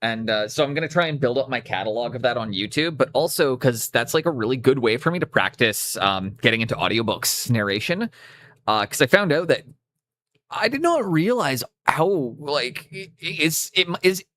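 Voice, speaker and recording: Canadian dude rambling to chat on a cheap usb mic, keeps restarting sentences. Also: male voice, mid-range voice, animated, moderate pace, a bit bright. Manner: rambling, self-interrupting, casual swearing. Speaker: streamer. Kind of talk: casual live-stream chat. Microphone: cheap USB microphone.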